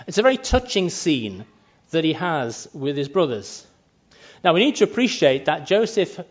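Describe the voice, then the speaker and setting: Male preacher, chatty sermon, slightly high voice, dull lo-fi recording. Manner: conversational, acts out brief quoted asides. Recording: muffled lo-fi sound.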